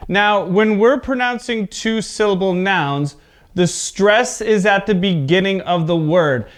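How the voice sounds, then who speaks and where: A man's voice: high-pitched, a little slow. A man teaching an English pronunciation lesson. He is patient, often checks in with "okay?", and exaggerates word stress in his examples.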